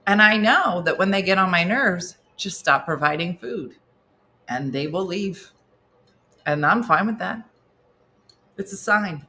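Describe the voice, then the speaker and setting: A woman's voice: fairly low pitch, pushed and bright. A middle-aged woman comedian hosting a casual morning cooking show, chatting wryly while she cooks and answering viewers' comments aloud. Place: home kitchen.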